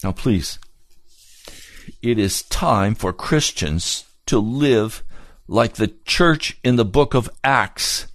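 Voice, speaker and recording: A man preaching a sermon earnestly and emphatically, repeating key phrases and moving between low, grave passages and raised, urgent ones. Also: animated, takes it slowly, no echo, studio quality.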